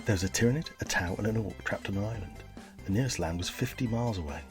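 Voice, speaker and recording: Deep-voiced man hosting a comedy podcast. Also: quick pace, over music. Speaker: podcast host.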